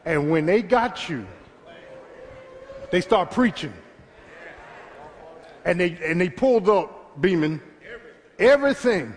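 Animated high-pitched preacher in a hall. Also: male voice, slow, pauses often. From Philadelphia. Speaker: pastor. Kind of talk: sermon. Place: church sanctuary. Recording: church hall reverb.

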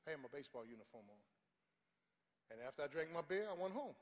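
An older man preaching a sermon, telling stories from his life and rising to fervent shouts. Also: a little high, animated, fast, long reverb tail, slight background noise. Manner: storytelling, builds to fervent shouting.

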